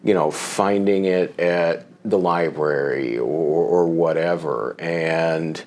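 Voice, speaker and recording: A man in his forties hosting a college talk show, talking slowly and reflectively with many restarts. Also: low-pitched, darkish tone. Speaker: host. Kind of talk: casual discussion.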